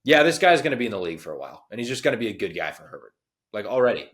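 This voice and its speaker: Excitable young man chatting about football. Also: lowish voice. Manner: excitable, quick to quote others in a dude-voice. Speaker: podcast co-host. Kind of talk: casual sports chat.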